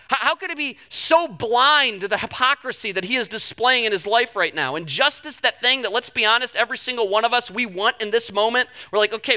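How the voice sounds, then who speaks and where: A young pastor with a high voice preaches a sermon, telling the story with animated delivery and acting out the voices he quotes.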